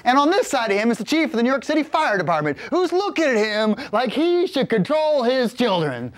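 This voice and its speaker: A man in his forties telling a comic story, animated and full of vocal sound effects. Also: extremely high pitch, brisk. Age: 40s.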